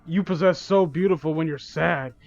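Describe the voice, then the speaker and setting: A man's voice: fairly high pitch, normal speed, gravelly, a little mellow, dry recording, highs cut off, soft background music. A man voicing a creepy male teacher in a vague put-on accent, smarmy. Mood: menacing. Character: creepy male teacher, middle-aged, predatory.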